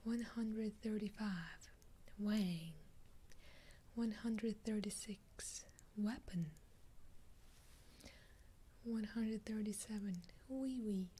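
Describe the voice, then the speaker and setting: A woman's voice: mid-range voice, slow pace, dark tone, breathy edge. A woman with a Russian accent whispering an ASMR video, reading a numbered list with dry, amused asides. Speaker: ASMR creator.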